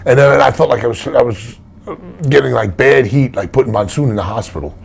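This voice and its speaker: A man's voice: mid-range voice, brisk, gravelly, breathy edge. An older man, a retired wrestler telling stories in a casual interview, blunt and rambling with many restarts.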